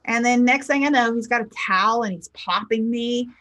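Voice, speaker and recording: This woman's voice sits on the high side at a normal speed. As a spiritual teacher and life coach, she gives an informal pep talk, chatty throughout, bringing quoted people to life with animated voices.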